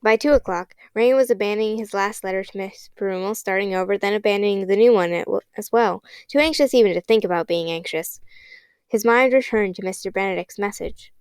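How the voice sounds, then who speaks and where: Woman, audiobook narrator, steady expressive storybook reading, smooth clear voice, dry close recording. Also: medium pitch, fairly quick, no room sound. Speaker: audiobook reader.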